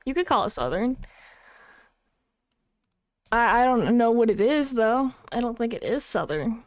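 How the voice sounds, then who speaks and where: A woman's voice: fairly high pitch, animated, unhurried, no room sound, clean studio sound. A young woman chatting casually on a livestream, flustered and self-mocking as she sets things up. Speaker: streamer.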